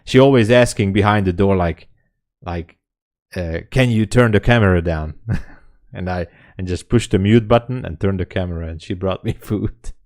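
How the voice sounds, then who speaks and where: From home, a day trading livestreamer with a Hungarian accent chats casually and laughs a lot as he responds to viewer comments. His voice is deep and darkish, and his pace is moderate.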